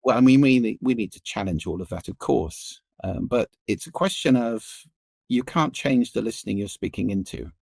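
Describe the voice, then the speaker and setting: Gravelly low-voiced man explaining. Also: moderate pace, dry recording. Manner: animated, explanatory, varies pace and pitch for emphasis. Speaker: podcast guest, sound and listening expert. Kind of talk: interview conversation.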